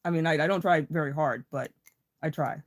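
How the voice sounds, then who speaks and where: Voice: medium pitch, a little fast. Livestream host, casual rambling chat, heavy swearing, playful, greets viewers by name. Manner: playful, laughs often.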